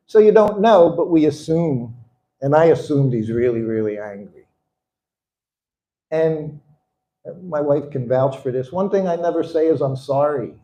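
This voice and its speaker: A man's voice: fairly high pitch, a little slow, long pauses, mellow, reverberant, lo-fi sound. A man in his seventies, a guest speaker telling personal stories with frequent chuckles. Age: 70s. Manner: chuckles often while telling anecdotes. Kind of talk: storytelling talk.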